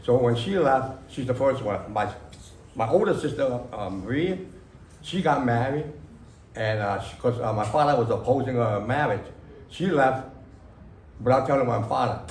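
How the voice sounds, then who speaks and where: A man, an author recalling his past to a library audience, talking haltingly with many fillers and broken grammar. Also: medium pitch, animated, slight background noise. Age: 60s. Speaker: author at a book reading. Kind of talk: casual spoken memories to an audience. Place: library reading room. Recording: echoey room.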